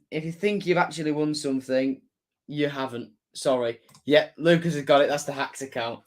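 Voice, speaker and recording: Chatty young man, livestream host. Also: a little high. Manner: chatty, reads out viewer comments, jokey asides. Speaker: football fan livestream host. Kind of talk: casual livestream chat.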